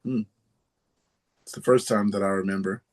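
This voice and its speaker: A man's voice: on the low side, steady tone, moderate pace. A man in a casual podcast chat, talking in a laid-back, blunt way.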